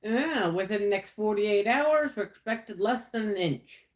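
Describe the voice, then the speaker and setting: Woman livestream host, slow unhurried chat, echoey room, mid-pitched. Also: lively intonation. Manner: slow, chatty, greets viewers by name. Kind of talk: casual live chat.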